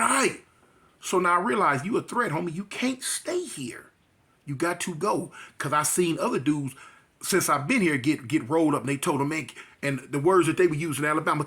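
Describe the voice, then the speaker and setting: A man from California, telling a story in a casual, slangy way and acting out voices and sound effects. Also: fairly high pitch. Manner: animated, acts out quotes and sound effects, slangy. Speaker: storyteller recounting jail experiences.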